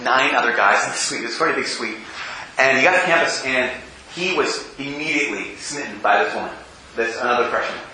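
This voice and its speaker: A man's voice: a little high, pushed and bright. A man leading a teaching session, speaking casually to a group and acting out the quoted lines as he tells a story. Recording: very echoey room, faint hiss.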